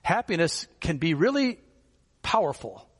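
A man's voice: a little high, sing-song, measured pace, husky, big-room sound. A male pastor preaching a sermon in a conversational way, asking his listeners rhetorical questions and chuckling now and then.

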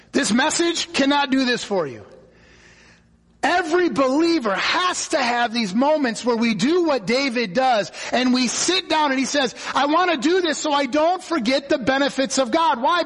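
A male guest pastor preaching a sermon in a church, telling stories and acting out quotes in a lively, conversational way. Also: very high-pitched, moderate pace. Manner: conversational, animated storytelling with acted quotes. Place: church sanctuary. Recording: church hall reverb.

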